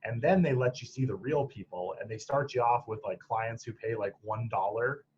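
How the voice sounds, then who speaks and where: A man from Michigan's Upper Peninsula, appearing as a podcast guest, chats casually about his clinical training in an interview, rambling with many restarts and laughs. His voice is mid-range at a moderate pace, and the recording is muffled with slight background noise.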